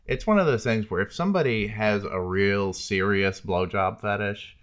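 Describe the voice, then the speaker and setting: A man's voice: fairly low pitch, normal speed, fairly bright tone. A man co-hosting a podcast, chatting frankly and casually. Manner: frank, candid and talkative. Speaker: podcast co-host. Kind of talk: casual chat.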